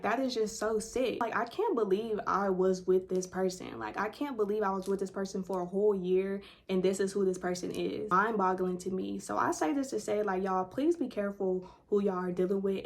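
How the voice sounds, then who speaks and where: A woman's voice: mid-range voice, a little mellow. A young adult woman hosting a casual storytime vlog, talking bluntly to her viewers with plenty of swearing. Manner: blunt, profanity-heavy storytelling addressed to viewers. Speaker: storytime channel host.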